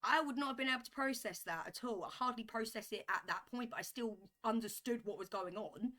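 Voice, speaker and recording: A woman telling a story to camera in a vlog, animated and emphatic, repeating herself as she builds a point. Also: a little high, brisk. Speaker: vlogger.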